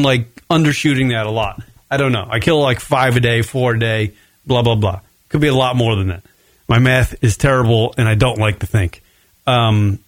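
A man's voice: mid-range voice, no room sound. A young man hosting a podcast from his apartment, rambling and swearing in a loose, slightly tipsy solo rant. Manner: rambling, profane, self-mocking, loose from beer. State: a bit tipsy. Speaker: podcast host. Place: home studio in his apartment.

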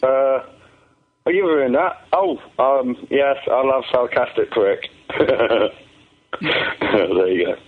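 A man's voice: mid-range voice, takes it slowly, long pauses, phone-quality sound. A man with a Cockney accent calling in to a radio show, joking and a little drunk. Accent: London Cockney. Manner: tipsy, joking banter. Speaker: caller. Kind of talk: phone-in chat.

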